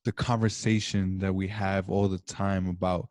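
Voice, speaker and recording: A man's voice: low-pitched, level tone, moderate pace, darkish tone, no room sound. Young male podcast host, dry close sound, passionate rambling rant on a video call. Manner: impassioned, rambling monologue, swearing. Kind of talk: casual chat over video call.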